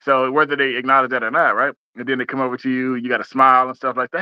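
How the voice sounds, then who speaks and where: A man hosting a casual podcast chat, talking fast and excitedly, often repeating words as he restarts. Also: medium pitch, clean tone, no echo, lo-fi sound. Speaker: podcast host.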